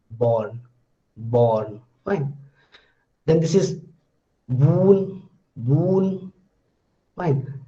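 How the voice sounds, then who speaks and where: A man teaching pronunciation, slowly explaining and repeating example words. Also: sits high, mellow. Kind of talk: slow classroom-style explanation. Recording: dull lo-fi recording.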